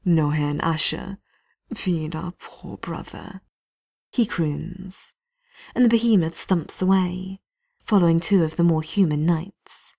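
A woman reading a story aloud in a hushed, often half-whispered delivery. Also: lowish voice, vocal fry. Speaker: narrator.

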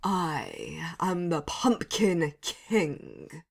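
A woman voicing a cheerful, eager male skeleton who is tall and lanky, speaking hopefully and with excited outbursts. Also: on the low side, extremely slow, creaky, exaggerated voice. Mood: earnest. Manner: hopeful, bursts into excited exclamations.

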